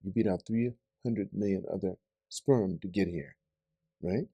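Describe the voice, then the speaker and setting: Male podcast host, middle-aged, warm and husky, dry close sound; chatty, jumps in often. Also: low voice, measured pace, no echo. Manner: animated, interjects and tells anecdotes. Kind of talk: conversational interview.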